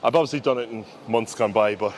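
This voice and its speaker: A man giving casual, instructive commentary during his own gym workout, talking through form cues in a relaxed way. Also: fairly low pitch, fast, slight background noise. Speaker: bodybuilder and coach. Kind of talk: casual training vlog commentary.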